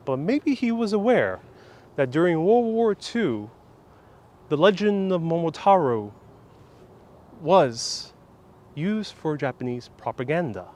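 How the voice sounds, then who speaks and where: A man hosting an outdoor tour, retelling a folk legend in a lively, casual way, recorded outdoors on a small wireless clip-on mic. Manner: lively, casual retelling with pitch swings and fillers. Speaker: tour guide host. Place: outdoor sculpture park.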